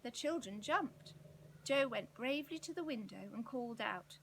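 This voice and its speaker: Woman, storybook reader, high voice, lively pitch, expressive telling. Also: moderate pace, breathy edge, rough recording. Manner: expressive, gently dramatic storytelling. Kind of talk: children's story read aloud.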